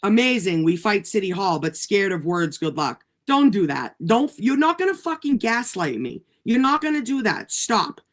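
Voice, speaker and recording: A woman hosting a livestream, ranting in a profane, indignant and rapid way at her critics. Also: medium pitch, very animated. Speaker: livestream host. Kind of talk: heated livestream rant.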